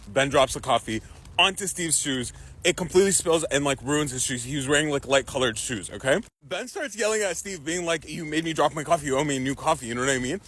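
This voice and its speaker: A young man tells a comic story on stage with a husky, fairly high voice. His pitch leaps around as he acts out the people in the story, and he keeps breaking into laughter. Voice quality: husky, animated, laughs often. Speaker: comedian. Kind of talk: stand-up storytelling.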